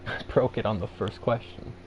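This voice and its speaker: A man's voice: lowish voice, fairly even intonation, normal speed, lo-fi sound, a little hiss or hum. A man from Canada with a Canadian English accent, chatting casually on his livestream. He rambles, cuts himself off and laughs at himself. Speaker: livestream host.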